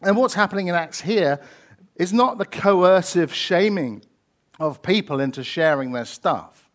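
A man's voice: high-pitched, lively intonation, measured pace. A man preaching a sermon, conversational, with rhetorical questions and frequent fillers.

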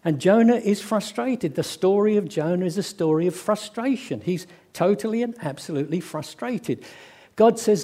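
Animated preacher, man. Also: high-pitched, normal speed. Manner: animated storyteller who acts out quoted voices. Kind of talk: sermon with storytelling.

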